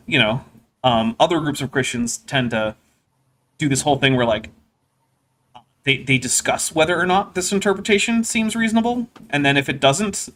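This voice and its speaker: A man hosting a livestream in casual chat, talking in an animated, rambling way. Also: fairly high pitch. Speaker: livestream host.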